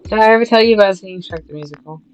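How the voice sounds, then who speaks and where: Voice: medium pitch, rapid-fire, muffled recording, slight background noise. A co-host of a gaming video chatting casually, swearing now and then. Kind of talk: casual chat while playing a game.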